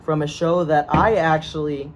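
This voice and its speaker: A man's voice: a little high, level tone, normal speed. A young American man chatting casually before a script reading, joking, laughing often and tripping over his words. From United States. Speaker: co-host of a script reading video. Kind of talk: casual banter. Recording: faint room noise.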